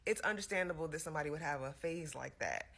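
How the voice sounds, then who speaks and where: A vlogger talking straight to the camera in a relaxed, chatty way, with a bright and sharp-edged voice at a middling pitch. The delivery is loose and rambling, full of "like" and "you know what I'm saying.". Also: quick pace, creaky. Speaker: commentary vlogger. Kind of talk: casual opinion commentary.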